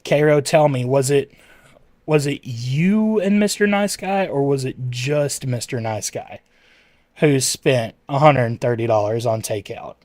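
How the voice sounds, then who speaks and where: A man's voice: medium pitch, measured pace, darkish tone, no room sound. A man chatting casually with his livestream viewers, rambling and correcting himself as he answers chat messages.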